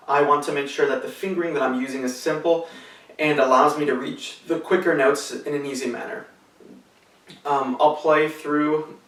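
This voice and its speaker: A man teaches a cello lesson, laying out each step patiently and calmly. His voice is bright with a gravelly edge. He is recorded from some distance in an echoey room. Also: medium pitch. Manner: patient, methodical explanation with fillers. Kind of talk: instructional tutorial.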